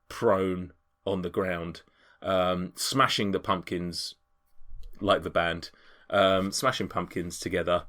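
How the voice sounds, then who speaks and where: A man's voice: low voice, steady tone, takes it slowly, fairly bright tone. A man narrating a tabletop game as game master, rambling and hesitant with many ums.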